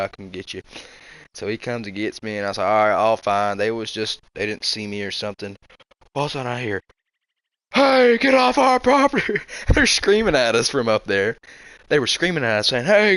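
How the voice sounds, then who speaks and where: A man's voice: on the low side, no room sound. A young man, casually telling hunting stories with frequent laughs and restarts. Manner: animated, laughs often, quick restarts. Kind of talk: casual storytelling.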